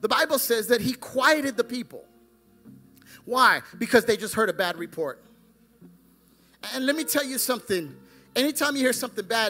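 Fervent high-voiced preacher, bright and sharp. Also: male voice, animated, normal speed, long pauses, faint music behind. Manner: fervent preaching, swings from loud to hushed. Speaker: pastor. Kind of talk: sermon.

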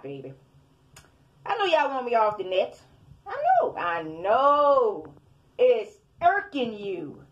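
A woman's voice: a little high, dull audio. A woman preaching in a fiery, scolding rant at her online commenters, repeating her points. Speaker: self-styled preacher.

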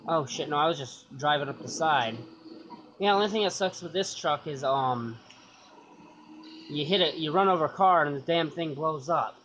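A man's voice: a little high, fairly bright tone. A man giving loose, rambling gameplay commentary, cursing casually and thinking aloud. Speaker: gaming YouTuber. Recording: dull lo-fi sound with clear noise.

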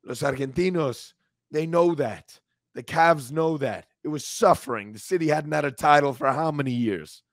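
A man's voice: a little high, normal speed, dry recording. A man co-hosting a casual podcast, emotional and swearing freely, his voice breaking as he talks close to tears. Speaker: podcast co-host.

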